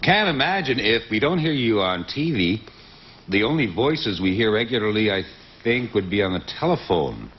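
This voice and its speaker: A man's voice: fairly low pitch, very animated, moderate pace. A man on a game show panel asking questions with a wry, dry wit. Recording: lo-fi 1970s TV broadcast with faint hiss.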